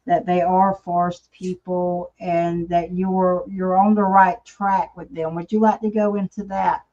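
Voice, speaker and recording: A woman's voice: fairly low pitch, flat delivery, measured pace, warm tone, highs cut off. A woman hosting a live podcast over a call, asking loosely worded questions in a casual, self-deprecating way. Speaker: podcast host.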